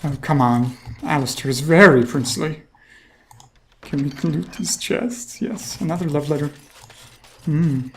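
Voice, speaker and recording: A woman's voice: sits low, a little slow, long pauses, slight background noise. A woman giving casual, chatty gameplay commentary, thinking aloud and laughing often. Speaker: let's play host.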